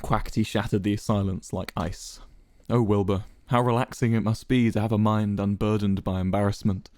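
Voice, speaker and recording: A man streaming, reading a fan story aloud in an expressive, dramatic way. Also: on the low side, moderate pace, dry recording.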